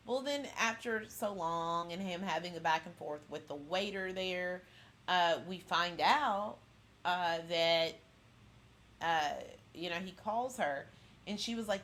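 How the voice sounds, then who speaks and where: A woman's voice: medium pitch, animated, a little slow, a bit bright. A woman hosting a pop culture channel, casually recapping an episode in a rambling way full of fillers and restarts.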